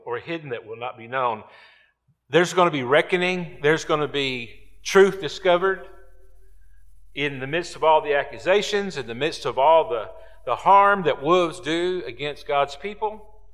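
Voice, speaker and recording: A male pastor preaching a sermon slowly and emphatically, repeating key words. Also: a little high, a bit bright. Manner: slow, emphatic preaching with repetitions. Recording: long hall reverb.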